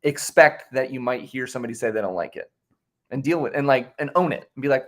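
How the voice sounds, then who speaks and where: A man speaking as a guest on a live stream, an improv performer talking in a relaxed, chatty way. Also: medium pitch, fast talker. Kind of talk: casual conversation.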